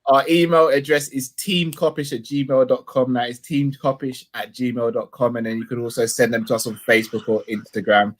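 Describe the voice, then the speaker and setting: A man's voice: medium pitch, steady tone, moderate pace, hardly any pauses. A man hosting a casual football fan chat, laughing often as he signs off the show. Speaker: host.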